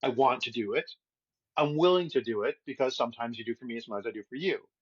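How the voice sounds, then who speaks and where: A man's voice: mid-range voice, fast, slightly rough, no room sound, muffled recording. A man co-hosting a podcast in casual chat, blunt and crude with a jokey edge. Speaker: podcast co-host. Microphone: remote call setup.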